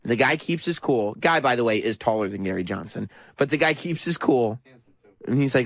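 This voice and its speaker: A man hosting a talk radio show, recapping a clip in a mocking, animated way with frequent laughs. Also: medium pitch, moderate pace, dry recording. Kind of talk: casual talk radio commentary.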